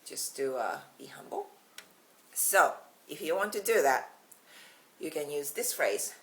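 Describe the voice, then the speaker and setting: A woman's voice: sits low, big pitch swings, unhurried, a bit bright, poor audio. A Japanese woman with a Japanese accent, teaching a casual video lesson in a chatty, giggly way. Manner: chatty, giggly, self-deprecating. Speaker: language teacher.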